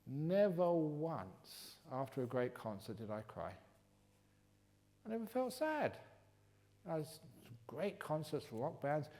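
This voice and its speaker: An older man from England leading a retreat Q&A, teaching in a humorous, teasing way that turns gentle and reflective. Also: a little high, big pitch swings, slow. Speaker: meditation teacher answering questions. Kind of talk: retreat Q&A talk. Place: retreat hall.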